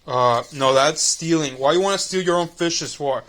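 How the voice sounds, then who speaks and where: A man's voice: fairly high pitch, normal speed, a bit bright, natural voice. A man voicing Spider-Man, a wisecracking young superhero, in a quippy, sarcastic way for a fan audio drama.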